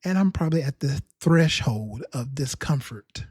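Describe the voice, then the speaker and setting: A man's voice: mid-range voice, expressive, moderate pace, darkish tone, breathy edge, no room sound, clean studio sound. A man telling a rambling, self-mocking comic story about his own experience. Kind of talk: humorous personal storytelling.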